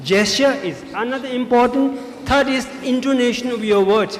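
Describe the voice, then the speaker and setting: A man's voice: extremely high pitch, moderate pace, few pauses. A man giving emphatic feedback to students as a debate judge, repeating his key points. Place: large school hall. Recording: echoey hall, faint ambience.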